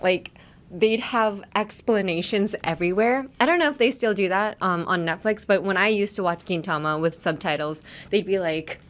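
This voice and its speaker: A woman's voice: medium pitch, moderate pace. A young woman hosting a casual podcast lesson, chatty, laughing often and explaining pronunciation step by step. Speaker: podcast host and English teacher.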